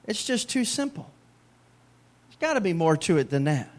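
A man's voice: high-pitched, big pitch swings, moderate pace. A middle-aged man preaching a sermon as a pastor, in a conversational way with joking asides.

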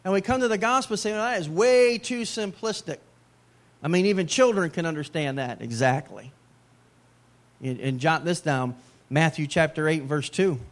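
Middle-aged pastor preaching, slightly high voice. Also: male voice, normal speed. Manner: conversational preaching with joking asides. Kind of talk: sermon.

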